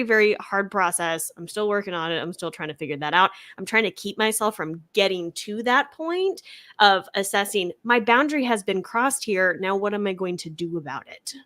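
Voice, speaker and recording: A woman co-host talking openly on a live stream. She sounds mid-pitched and reflective, and the recording is close and dry. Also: animated, normal speed, bright, forceful tone, no room sound. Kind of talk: casual chat.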